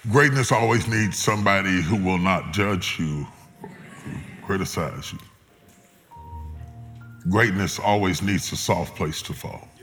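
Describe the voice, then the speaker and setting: A man preaching a sermon as a guest preacher, swinging between loud, soaring lines and hushed, low ones. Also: unhurried, long pauses, faint music behind. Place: large church auditorium with live congregation. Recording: echoey hall with loud congregation.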